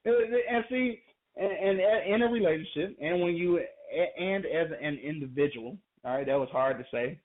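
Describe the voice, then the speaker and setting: A man's voice: high voice, moderate pace. A man co-hosting a call-in podcast, talking casually and repeating himself with frequent laughs. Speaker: podcast co-host. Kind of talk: casual radio talk. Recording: phone-like call-in radio audio.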